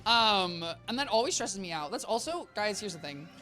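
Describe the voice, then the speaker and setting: A woman's voice: mid-range voice, sing-song, moderate pace, a bit bright. A young woman streaming a game from her apartment, rambling playfully and talking straight to her chat. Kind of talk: casual gameplay chatter. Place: home apartment.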